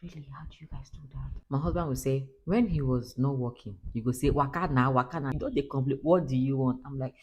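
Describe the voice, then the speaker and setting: A woman's voice: rumbling low, fast, hardly any pauses, warm tone, a little hiss or hum, rough recording. A young Nigerian-accented woman chatting casually to camera as a mother, laughing often and slipping into pidgin. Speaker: mother vlogger.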